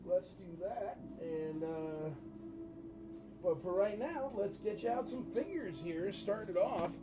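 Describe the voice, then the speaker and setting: A man's voice: sits high, slow. A man hosting a live auction stream, rambling and joking with viewers between lots. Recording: dull lo-fi stream audio with loud music behind. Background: music.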